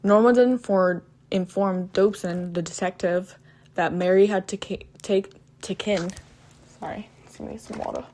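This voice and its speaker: A woman's voice: mid-range voice, steady tone, a little slow, darkish tone, a little hiss or hum. A woman retelling a true crime case in a casual way. She keeps stumbling and restarting, and she breaks in with blunt, profane asides. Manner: hesitant, with frequent restarts and "um".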